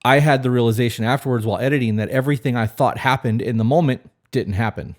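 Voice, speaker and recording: A man's voice: medium pitch, fast. A man co-hosting a podcast, talking frankly and questioningly in casual chat, swearing freely. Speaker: podcast co-host.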